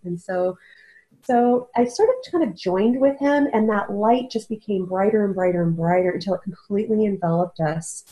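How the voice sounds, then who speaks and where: A woman speaking as an interview guest, in an earnest, searching way. She often stops and restarts her sentences as she works out what to say. Her voice sits at an ordinary middle pitch. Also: normal speed, mellow, low-quality recording. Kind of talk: casual interview talk. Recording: audio-only interview.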